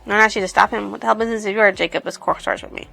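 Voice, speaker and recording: A woman's voice: medium pitch, steady tone, rapid-fire, vocal fry, sharp tone, soft background music, exaggerated voice. A woman voicing a defiant young human woman in a retold story.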